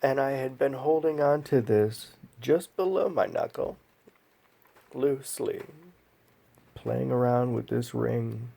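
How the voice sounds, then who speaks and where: A man vlogging a personal story in a slow, halting, emotional way, pausing often. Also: medium pitch, gravelly, mellow.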